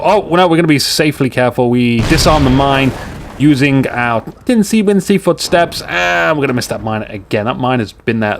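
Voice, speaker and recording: Excitable jokey male game caster. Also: mid-range voice, noisy background. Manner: excitable, jokey, rambling asides. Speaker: game shoutcaster. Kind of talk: live game commentary.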